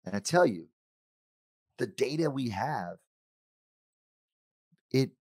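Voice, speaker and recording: Animated man giving a keynote. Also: mid-range voice, slow, breathy edge, no echo, clean studio sound. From United States. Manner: animated, acts out quoted voices of friends and himself. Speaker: conference speaker. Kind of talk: keynote talk.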